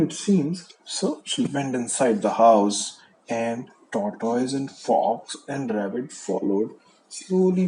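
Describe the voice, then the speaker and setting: A man telling a bedtime story to a young child, gentle and asking the listener questions. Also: medium pitch, poor audio.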